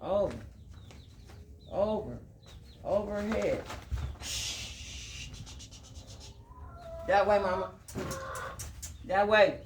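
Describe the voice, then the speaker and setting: A man, a horse trainer talking casually through his work in a soft, hushing, calming voice, outdoors. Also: high-pitched, slow pace, pauses often, reverberant, background noise. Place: outdoors at a horse pen with farm birds.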